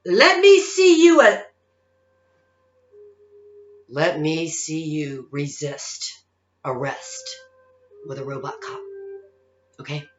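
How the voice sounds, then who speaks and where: Woman, 50s, vlogger monologue; emphatic, lively pitch, echoey lo-fi recording. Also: slow pace, pauses often, slight background noise. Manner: emphatic, keeps tagging lines with okay? and all right?. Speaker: psychic-medium vlogger. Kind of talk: casual monologue rant. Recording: roomy, dull lo-fi sound.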